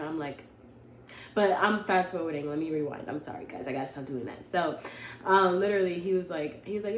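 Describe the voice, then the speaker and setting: Lower-voiced young woman telling a rambling story. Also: fast, slight background noise. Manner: animated, rambling, self-correcting. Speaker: vlogger. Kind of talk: casual storytime. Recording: echoey room with faint ambience.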